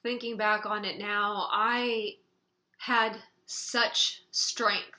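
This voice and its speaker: A woman's voice: medium pitch, level tone, very slow, sharp tone. A young woman vlogger telling a personal story to camera, acting out her family's lines along the way. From California. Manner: acts out quoted family members while retelling. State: tearful at times.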